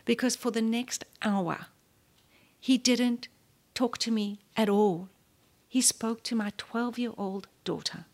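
A South African woman in her fifties, a guest telling a story in an interview. She speaks with animation and acts out the voices in her story. At moments her voice falls to a soft near-whisper. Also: a little high, slow pace.

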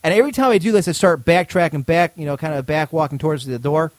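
A man's voice: on the high side, fast, no echo. A man telling a long story in casual chat, acting out both sides of the dialogue and swearing freely. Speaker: podcast co-host.

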